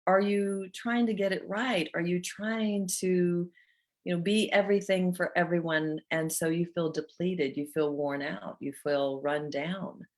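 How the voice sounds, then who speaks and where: A woman's voice: lowish voice, fairly even intonation, unhurried, a little mellow. A middle-aged woman hosting a motivational talk, telling a personal story in an earnest, heartfelt way. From North Georgia, USA. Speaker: host.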